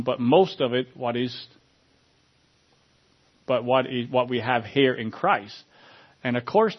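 A man's voice: medium pitch, lo-fi sound. Man preaching a loose, rambling sermon. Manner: conversational, with frequent restarts and ums. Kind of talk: informal sermon.

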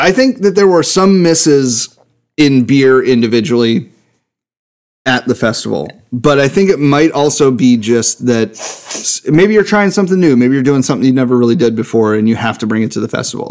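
A man's voice: medium pitch, moderate pace. Enthusiastic man co-hosting a chat. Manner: enthusiastic, swears freely. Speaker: podcast co-host. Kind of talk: casual chat.

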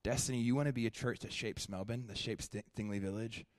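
A young man preaching a sermon at a church, shifting from animated, joking storytelling to quiet, prayerful ministry. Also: lowish voice, fast, no echo, clean studio sound. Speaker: guest preacher.

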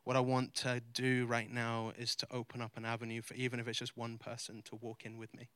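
A male pastor preaching a sermon, earnest and confessional, moving between loud emphatic preaching and quiet, vulnerable admission. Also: medium pitch, completely flat delivery, fairly quick, no echo. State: close to tears. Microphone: handheld or stage mic.

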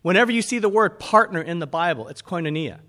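A man's voice: high-pitched, expressive, quick pace, pushed and bright. A man preaching a conversational sermon as pastor, asking his listeners rhetorical questions.

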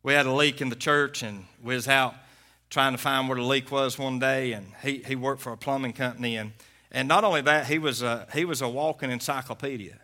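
A man, a pastor preaching a sermon and telling a story in a folksy way, swinging from loud preaching to hushed talk. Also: medium pitch, steady tone, brisk.

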